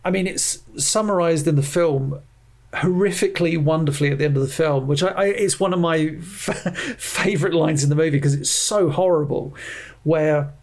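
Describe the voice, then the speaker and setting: A film podcast co-host with a fairly high voice chats casually at a moderate pace in a film review. He's animated, restarts often, and acts out the attitudes he describes by mimicking them in quotes.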